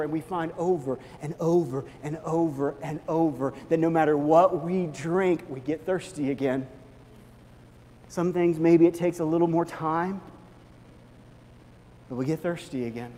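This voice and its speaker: High-pitched guy preaching, goes from quiet to loud, long hall echo. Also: unhurried. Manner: animated, swings from hushed to loud, acts out quoted voices. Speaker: pastor. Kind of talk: sermon. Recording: long reverb of a large hall.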